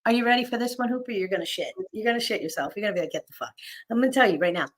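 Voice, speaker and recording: A woman hosting a casual live chat, her voice sitting fairly high. She talks bluntly and sarcastically, swearing freely and building to loud outbursts. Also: lively intonation, racing. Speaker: livestream host.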